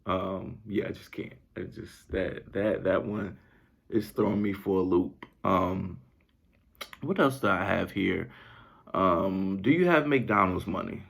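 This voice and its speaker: A man hosting a podcast in a comedic monologue, incredulous and animated, laughing often. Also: low voice, takes it slowly, creaky. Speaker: podcast host.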